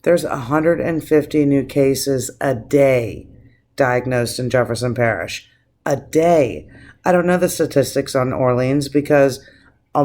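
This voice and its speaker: Impassioned, swearing male vlogger. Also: mid-range voice. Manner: profane, impassioned, rambling with restarts. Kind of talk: casual vlog rant.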